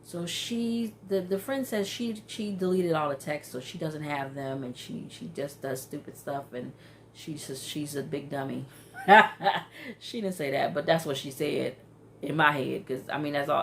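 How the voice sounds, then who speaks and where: A woman with a low, gravelly voice recaps a reality TV episode for her channel. She talks casually, with frequent ums, and keeps breaking into exclamations of disbelief. There is a faint hiss behind her. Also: moderate pace. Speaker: TV recap vlogger.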